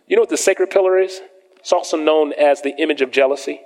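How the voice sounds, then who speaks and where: Emphatic preacher man, higher voice, reverberant hall. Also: a little mellow. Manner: reads scripture slowly and emphatically, questioning the congregation. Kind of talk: sermon with scripture reading. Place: church sanctuary with congregation.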